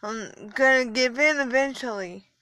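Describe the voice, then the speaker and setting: A young adult woman podcaster, a little tired, rambling casually with halting pauses and fillers. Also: high voice, sharp tone, no room sound. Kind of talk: casual solo podcast talk.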